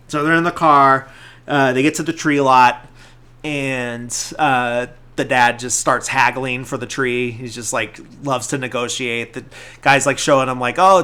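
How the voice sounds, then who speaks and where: In a mid-range voice with a sharp tone, a male podcast host chats casually through a movie recap, scene by scene. He rambles, uses lots of fillers, and acts out quotes along the way.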